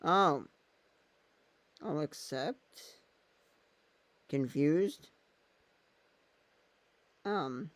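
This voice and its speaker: A man's voice: a little high, expressive, very slow, long pauses, fairly bright tone, no room sound. A man vlogging in a casual, rambling way, thinking aloud as he goes. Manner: thinks aloud while using his phone and laptop, meandering.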